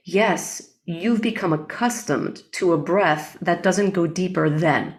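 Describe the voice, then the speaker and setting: A woman guest in an interview, a breathwork facilitator explaining things in a calm, unhurried way. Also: on the low side. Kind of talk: interview conversation.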